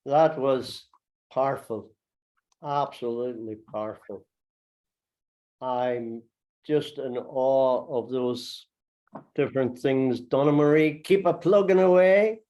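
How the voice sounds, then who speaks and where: Slow-spoken man hosting a poetry program. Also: mid-range voice, warm tone. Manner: unhurried, appreciative, explanatory. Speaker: program host and storyteller.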